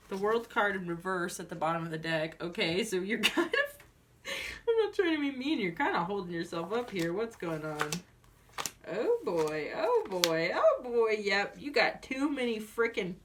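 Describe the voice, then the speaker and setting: A woman gives a casual tarot reading, chatting away with plenty of fillers and frequently dissolving into giggles. Her voice is on the low side and a bit bright. She sounds somewhat distant from the mic, with faint background noise.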